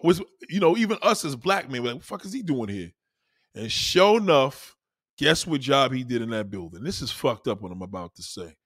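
A man's voice: medium pitch, fairly bright tone, dry recording, clean studio sound. A young man with a New York accent, ranting casually, bluntly and with lots of profanity, hammering his points by repeating them. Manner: blunt, profane, emphatic with repetition. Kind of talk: casual rant.

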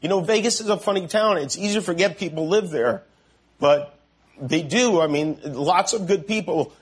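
Husky, emotional man in his fifties. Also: fairly high pitch. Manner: halting, earnest, with pauses and restarts. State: emotional, voice breaking. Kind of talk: emotional on-air appeal.

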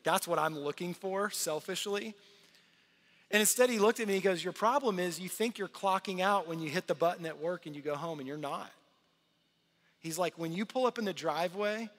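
Earnest pastor in an echoing hall. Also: male voice, fairly high pitch. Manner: conversational, earnest, swings from loud to hushed. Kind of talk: sermon. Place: large church hall. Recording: long hall reverb.

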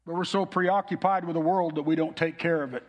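Middle-aged male pastor with a high-pitched voice, earnest heartfelt preaching, recorded with long hall reverb. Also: fairly even intonation, fairly quick, dull audio. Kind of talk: sermon.

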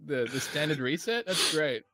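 A relaxed man co-hosts a casual live stream. He trades wry remarks and laughs easily. His voice moves lively up and down. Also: fairly high pitch, normal speed, no room sound. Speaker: podcast co-host.

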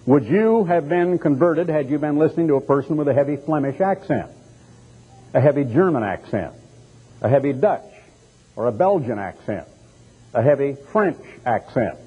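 A man's voice: a little high, animated, moderate pace, husky. A male radio evangelist delivering a broadcast sermon, firing off emphatic rhetorical questions. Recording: dull lo-fi recording.

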